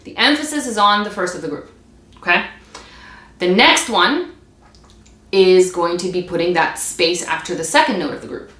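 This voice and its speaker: A woman's voice: lowish voice, normal speed, long pauses, music in the background. A woman teaching a string practice technique, explaining step by step in a patient, demonstrating manner. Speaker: music teacher. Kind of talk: instrumental practice lesson. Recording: echoey room with string playing. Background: bowed string instrument between lines.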